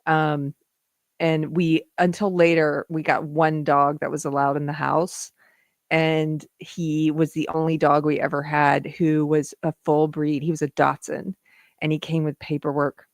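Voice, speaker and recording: A woman's voice: deep voice, flat delivery, measured pace, no room sound. A woman from the southern United States hosting a livestream, chatting casually, laughing often and talking to her dog. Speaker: livestream host. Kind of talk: casual livestream chat reading viewer comments.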